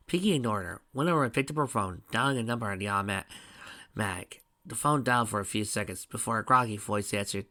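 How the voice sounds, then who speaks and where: A man's voice: on the low side, a little fast, bright, forceful tone. A man reading a story aloud as narrator. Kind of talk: audiobook reading.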